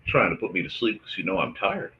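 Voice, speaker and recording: A man hosting a casual livestream, chatting to his audience and softly talking to his cat while he draws. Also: low voice, sing-song, fast, slightly rough, dull audio. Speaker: host.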